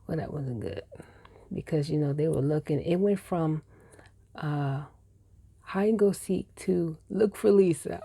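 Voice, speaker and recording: A woman's voice: on the low side, creaky, dark tone, breathy edge, no room sound. A woman in her forties telling childhood stories in a casual vlog, with a meandering, self-correcting way of reminiscing. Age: 40s. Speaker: vlogger. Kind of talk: casual personal storytelling.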